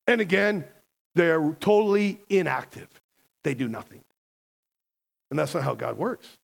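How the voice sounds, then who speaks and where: A man's voice: fairly high pitch, big pitch swings, moderate pace, vocal fry, long pauses. A man preaching a sermon as a pastor, emphatic and conversational, often asking the congregation questions.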